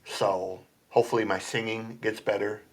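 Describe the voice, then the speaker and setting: A man's voice: on the low side, little pitch movement, normal speed. A man in casual chat as a podcast guest, rambling and laughing often between points. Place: home basement room.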